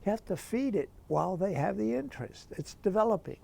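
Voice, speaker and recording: A man quoting a kindly old priest teacher, gravelly. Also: high voice, lively intonation, a little fast, darkish tone, pitched above the performer's own voice, heavily acted. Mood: kindly urging. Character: kindly older male priest teacher, enthusiastic.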